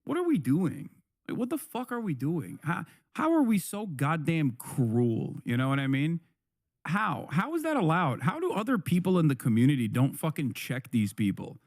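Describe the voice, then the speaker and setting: A man's voice: on the high side, huge pitch swings, normal speed, no room sound, studio quality. Man ranting angrily on a stream. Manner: angry, profane ranting; repeats words and restarts. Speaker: streamer reacting to a video. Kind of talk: heated live-stream commentary.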